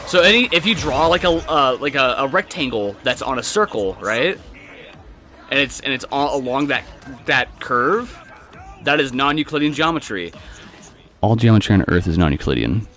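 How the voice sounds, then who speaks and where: During a casual gaming chat with friends, a young man laughs his way through rambling, profane tales. His mid-range voice is bright and forceful, with big pitch swings at a normal pace, and faint music plays behind him.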